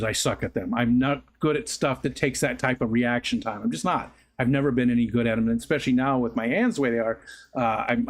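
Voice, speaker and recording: A middle-aged man hosting a livestream, telling rambling stories in casual chat, often correcting himself and laughing. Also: medium pitch. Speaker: livestream host.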